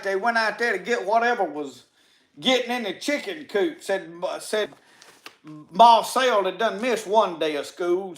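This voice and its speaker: High-voiced Mississippi storyteller drawling. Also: male voice, a bit bright. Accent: Southern US, Mississippi. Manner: drawling, repeats "said" constantly. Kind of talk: folksy tall-tale storytelling.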